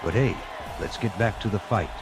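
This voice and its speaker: Very deep-voiced cheesy male co-commentator. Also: moderate pace, crowd noise, background noise. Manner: cheesy, upbeat, folksy stock phrases. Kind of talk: wrestling color commentary. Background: music.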